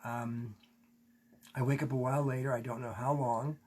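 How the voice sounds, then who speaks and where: A man's voice: medium pitch, level tone, normal speed, darkish tone, husky. A man teaching a class, telling a personal story candidly, swearing and acting out what he said back then. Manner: candid, swearing, acts out his own quotes. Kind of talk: storytelling in a lecture.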